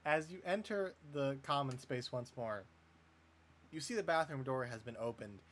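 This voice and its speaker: Lively casual male game master. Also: medium pitch, normal speed, slight background noise. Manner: casual, filler-heavy narration. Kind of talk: narrating a tabletop game.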